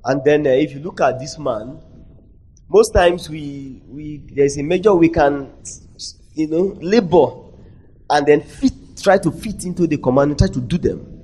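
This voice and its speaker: In a conference hall, a man with a husky, mid-range voice preaches a sermon, getting the audience to complete his sentences. He swings between loud emphasis and near-whispers.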